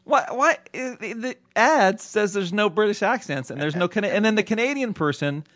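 A man's voice: sits high, expressive, a bit bright. Bantering male podcast co-host. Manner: bantering, quick interjections, laughs often. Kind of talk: casual chat.

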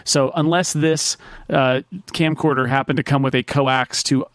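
A man's voice: medium pitch, steady tone, normal speed, dry recording. A middle-aged man co-hosting a casual movie commentary, rambling into nerdy technical tangents. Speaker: commentary podcast co-host.

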